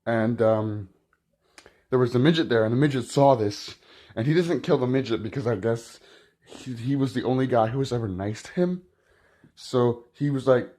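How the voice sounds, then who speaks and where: A man's voice: mid-range voice, moderate pace, long pauses, dark tone. Man, mid-range voice, casual film review, rambling, filler-heavy. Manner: rambling, with frequent "like" and restarts.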